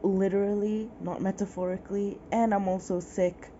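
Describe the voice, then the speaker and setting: A woman's voice: medium pitch, level tone, normal speed, dark tone, slight background noise. A sick, sniffling woman rants in exasperation about a book in a casual vlog, talking from her bed. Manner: exasperated, ranting, sighing. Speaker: book vlogger. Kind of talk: casual reading vlog rant. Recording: dull lo-fi recording.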